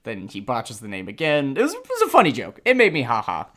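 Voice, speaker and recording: A man's voice: mid-range voice, huge pitch swings, quick pace, fairly bright tone. A young man co-hosting a casual podcast chat, playful and wry, laughing easily. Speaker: podcast co-host.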